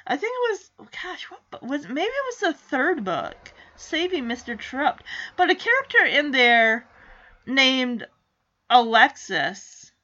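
Woman gushing thru a tv recap, high voice, takes her time, kinda dull lo-fi sound. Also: sing-song, unhurried, sharp tone. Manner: chatty, giggly, acts out character lines. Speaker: TV show recapper. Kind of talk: casual recap chat.

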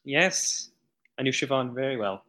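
A man's voice: medium pitch, unhurried, pushed and bright. A man playing in a tabletop game, casual and blunt, talking plainly about his character's moves. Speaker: player. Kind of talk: casual tabletop role-play.

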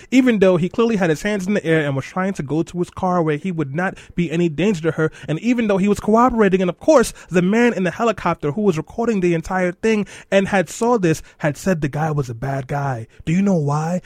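Joking guy radio co-host, bit high voice, dry studio mic, teasing and sarcastic. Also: expressive, brisk, few pauses, darkish tone, no room sound. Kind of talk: casual radio chat.

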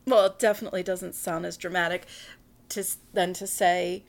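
A woman hosting a podcast in a casual monologue, brash and profane, talking quickly and joking with frequent laughs. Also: fairly low pitch, steady tone, vocal fry. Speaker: podcast host.

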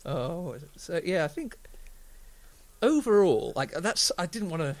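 A man's voice: a little high, big pitch swings, unhurried. A young man co-hosting a casual podcast chat, rambling and laughing as he recalls a show. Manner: rambling, laughing, quotes people in silly voices. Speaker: podcast co-host.

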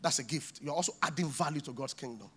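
A man preaching a sermon in a church, animated and acting out little scenes with voices. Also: fairly high pitch, quick pace, breathy edge. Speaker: pastor.

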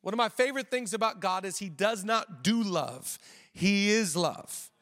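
A high-pitched male pastor in his thirties, preaching with energy and slowing down to drive key lines home. He mixes in quick joking asides. His voice rings out with long reverb through a church auditorium. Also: fairly bright tone. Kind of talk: sermon.

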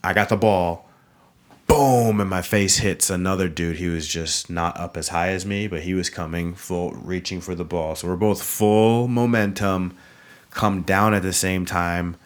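A man's voice: low voice, steady tone, moderate pace. A man in his thirties hosting a podcast, rambling through swear-laced stories in casual chat over drinks. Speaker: podcast host.

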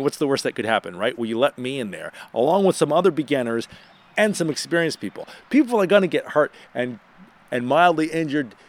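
A man hosting a casual radio show, telling a funny personal story in a lively, self-deprecating way. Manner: animated, self-deprecating, rises in pitch when excited.

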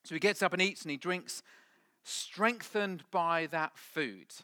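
A man preaching a sermon to a congregation, with dramatic swings from loud to hushed. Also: high voice, a little slow, clear, resonant tone. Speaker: pastor. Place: church hall with audience.

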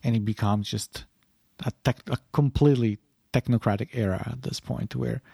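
A man who teaches philosophy chats casually on a podcast over a video call, rambling and thinking aloud in a deep morning voice. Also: fairly even intonation, moderate pace, gravelly, mellow, slightly rough, dry recording, clean studio sound.

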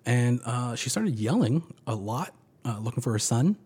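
A husky, slightly breathy man in his thirties tells a story on a podcast. His delivery is laid-back and casual, with dry humor. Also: mid-range voice, very animated, moderate pace, a little mellow. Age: 30s. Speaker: podcast guest.

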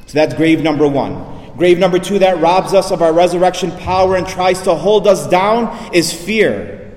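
A male priest delivering an emphatic sermon, dropping his voice low and soft on key lines. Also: moderate pace. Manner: emphatic preaching, drops low and soft for weight. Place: church. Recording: echoey church reverb.

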